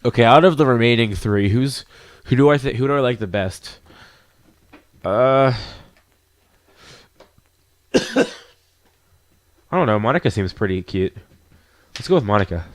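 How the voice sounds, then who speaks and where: A man's voice: medium pitch, expressive, unhurried, pauses often, dry recording. A man with a stuffy nose giving laid-back, joking, profane commentary while playing a game. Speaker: gamer reading a game aloud. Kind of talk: casual let's-play commentary.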